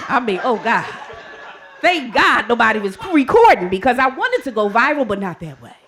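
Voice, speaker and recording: Animated woman telling a comic story. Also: on the high side, a little fast. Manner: animated and comic, acts out her own panicked voice. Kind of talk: live storytelling performance. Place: stage before a live audience.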